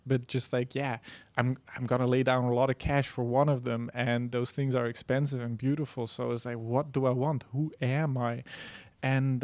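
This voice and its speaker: Enthusiastic male synth vlogger, mid-pitched, rambling and filler-heavy, in a dry, close-sounding room. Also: a little mellow, no room sound. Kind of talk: casual chat.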